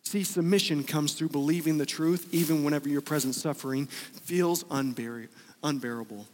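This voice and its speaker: A man preaching a sermon as pastor, impassioned, swinging between loud pleading and hushed words, often repeating himself to press a point. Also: fairly high pitch, normal speed, in a large hall, slight background noise.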